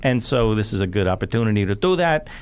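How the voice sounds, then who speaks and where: A man's voice: lowish voice, animated, quick pace, clean tone. A middle-aged man talking as a podcast guest in casual chat, often laughing and trailing off mid-thought.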